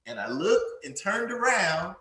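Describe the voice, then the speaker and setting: A man hosts a casual podcast and tells his stories with animated swings in pitch. His voice sits a little high for a man. The room around him sounds echoey. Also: a little slow. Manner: animated storyteller, acts out quoted voices. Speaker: podcast host and teacher. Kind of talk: casual storytelling chat.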